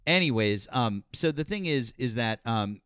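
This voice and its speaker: A man's voice: mid-range voice, lively intonation, normal speed, fairly bright tone, smooth, dry recording, clean studio sound. A man hosting a live call-in politics stream, sarcastic and cutting in over callers. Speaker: host.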